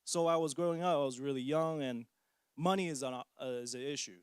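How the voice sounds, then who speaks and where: A father in his forties speaks briskly in a fairly high, clear and resonant voice, joking and teasing himself as he gives a casual personal testimony about parenting. The clean studio recording has no room sound.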